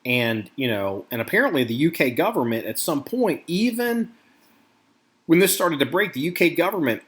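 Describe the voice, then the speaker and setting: A middle-aged American man hosting a casual podcast, his pitch jumping around a lot as he rants. He swears freely and talks with heated, animated emphasis. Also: normal speed. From United States. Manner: animated, profane ranting. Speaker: podcast host.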